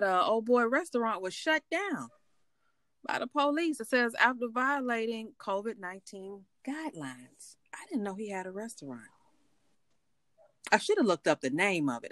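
A woman co-hosting a podcast in casual chat, unhurried and agreeable, cheering her partner on as she shares a story. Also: mid-range voice, no room sound, studio quality. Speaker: podcast co-host.

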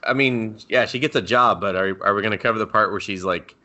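A man's voice: lowish voice, fast, dull audio. A man co-hosting a podcast in casual chat, recapping a show, laughing, swearing and acting out quoted characters. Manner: animated, playfully acts out quoted characters, swears and laughs often. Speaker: podcast co-host.

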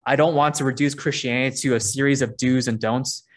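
A man's voice: medium pitch, fairly even intonation, fairly quick. A man preaching a sermon, earnest and conversational, reading scripture verses aloud between his points. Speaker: pastor.

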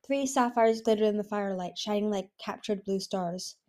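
A woman narrating a fantasy storybook in a steady, even reading voice. She now and then trips over a word and restarts, keeping a homemade feel. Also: mid-range voice, moderate pace. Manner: even, occasionally stumbling reading. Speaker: audiobook reader.

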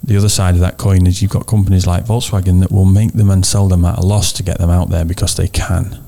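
A man who is a guest car expert on a podcast, giving relaxed, plain-spoken opinions in casual studio chat. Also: deep voice, fast talker, vocal fry.

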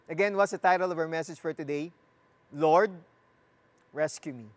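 A preacher gives a sermon and reads scripture aloud. The delivery is slow and deliberate, with phrases repeated, and the preacher asks the listeners questions and jokes with them. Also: medium pitch.

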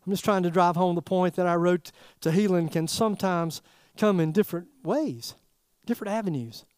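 A man preaching a sermon in a folksy, animated way, throwing rhetorical questions at the congregation. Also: high-pitched, moderate pace, clear, resonant tone, no echo, clean studio sound. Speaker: pastor.

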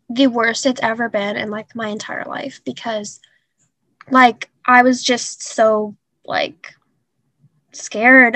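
A young woman telling a painful personal story in an interview, halting and earnest with many fillers. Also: fairly high pitch, a bit bright, dry recording. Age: young adult. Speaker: guest.

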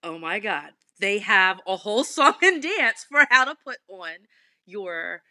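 A woman with a South Jersey accent co-hosting a podcast, telling stories in a chatty, animated way. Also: medium pitch, measured pace, dry recording. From South Jersey, USA. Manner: animated, laughing, self-correcting storyteller. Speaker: podcast co-host. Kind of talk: casual chat.

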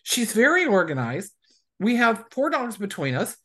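A woman's voice: on the high side, sing-song, moderate pace, fairly bright tone. A woman author chatting in an interview, telling anecdotes and acting out the people she quotes. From USA. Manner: chatty storyteller who acts out quoted people. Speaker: romance author, guest. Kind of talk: casual interview chat.

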